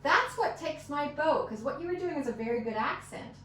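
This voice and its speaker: During a one-on-one fiddle lesson, this teacher speaks in a high, expressive voice that is brisk, bright and forceful. She counts beats aloud and encourages patiently while fiddle plays behind her, recorded from a distance in an echoey room with slight background noise.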